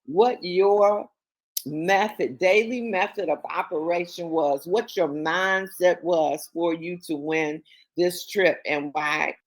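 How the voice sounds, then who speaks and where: A woman's voice: on the low side, takes it slowly. A woman hosting an online team meeting, upbeat and encouraging, calling on members by name over a video call.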